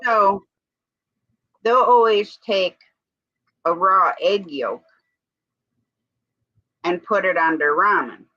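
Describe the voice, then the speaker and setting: A woman's voice: medium pitch, slow, pauses often, sharp tone, no room sound. A woman co-hosting a live stream in a casual, rambling chat, breaking off now and then to give commands to her dog. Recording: dull lo-fi stream audio.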